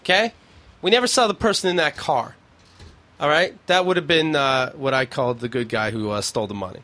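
Bright-voiced man telling a story. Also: medium pitch, a little fast. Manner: profane, animated storytelling with acted-out movie scenes. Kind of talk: casual chat.

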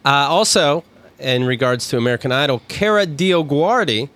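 A man's voice: medium pitch, animated, moderate pace, a bit bright. A man co-hosting a casual chat, joking and swearing in mock outrage. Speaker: podcast co-host.

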